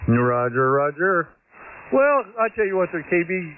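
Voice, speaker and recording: A man's voice: fairly high pitch, big pitch swings, unhurried, slight background noise. A man calling in on a ham radio, easygoing and joking, saying by golly. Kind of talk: casual radio chat. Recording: tinny radio transmission.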